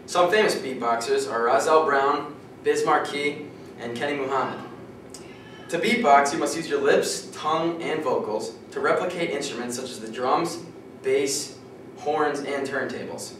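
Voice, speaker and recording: A young man giving a prepared class speech, reading steadily and clearing his throat now and then. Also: fairly high pitch, unhurried, fairly bright tone, slight background noise. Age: young adult. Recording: echoey classroom from far off.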